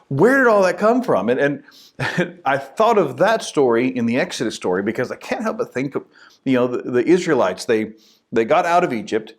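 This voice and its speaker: A man's voice: mid-range voice, normal speed. A young man, a minister, giving a short casual devotional talk in a conversational way. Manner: conversational, animated, acts out quotes.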